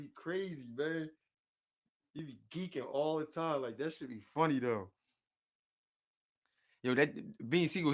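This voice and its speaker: A man chats casually in loose slang, with a voice of ordinary pitch. He repeats his words and jumps from one topic to another. He often chuckles between his sentences. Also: fairly bright tone. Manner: often chuckles while talking. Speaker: streamer chatting with viewers. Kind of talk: casual chat.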